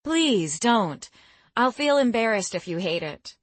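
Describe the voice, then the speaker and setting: A kind, motherly middle-aged woman, as a woman narrator puts her on. She speaks warmly and teasingly, raised in pitch over the narration. The sound is close and dry, as in an audiobook. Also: very animated, a little slow, no echo. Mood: shy. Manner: warm, teasing.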